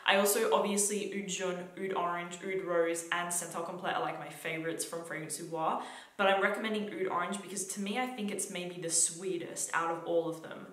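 A woman's voice: fairly low pitch, steady tone, fairly quick, a bit bright. Gushing young Australian woman, echoey room. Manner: gushing, many "like" fillers and repeated words. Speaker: fragrance reviewer. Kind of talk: enthusiastic product review vlog.

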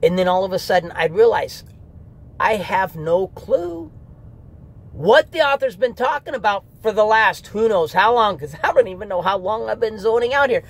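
Gravelly, husky man reviewing a book. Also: high-pitched, animated, normal speed. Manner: candid, rambling, with restarts and mock asides. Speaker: audiobook reviewer. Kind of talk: casual spoken review.

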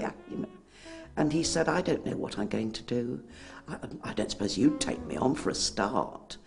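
An older woman giving an interview, reminiscing in a fond, chatty, slightly halting way. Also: low voice, gravelly, darkish tone. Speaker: interviewee, widow.

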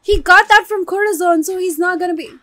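High, bright-voiced woman reacting emotionally. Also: brisk, no room sound. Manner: emotional, exclaims and shouts often. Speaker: anime reaction channel host. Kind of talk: live reaction to an anime episode.

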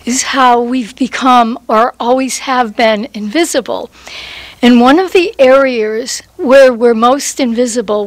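A woman with a high voice introduces and recites her poem at a standing microphone. She talks like a lively, conversational storyteller and takes an unhurried pace, letting her words land. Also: poor audio. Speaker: poet. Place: public poetry reading.

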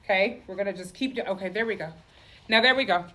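A woman's voice: mid-range voice, fast, bright, forceful tone. Woman, boutique owner, live-sale patter, sassy, campy, in a clothing store. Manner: sassy, campy, peppers lines with "okay?" and "honey".

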